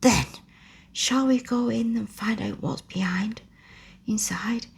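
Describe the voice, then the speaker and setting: A woman's voice: on the high side, slow pace, creaky, slightly rough, pitched above the performer's own voice, full character voice. A woman whispering as spoiled sickly boy Colin. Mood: eager. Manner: whiny, wailing whisper. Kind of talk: whispered role-play.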